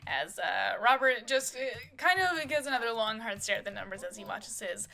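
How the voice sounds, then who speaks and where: Woman narrator, chatty and casual, with a bright, gravelly tone. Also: a little high, lively intonation, moderate pace, few pauses. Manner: chatty, with fillers and asides. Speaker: soap opera narrator. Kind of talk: casual narration of a life-sim soap opera.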